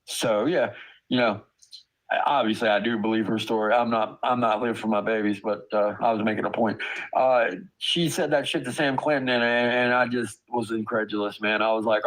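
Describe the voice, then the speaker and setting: With a lowish, steady voice that is a bit bright, a man speaks at normal speed on a rough recording. He is an adult parent ranting angrily to his stream about online drama, swearing hard and stammering in disbelief.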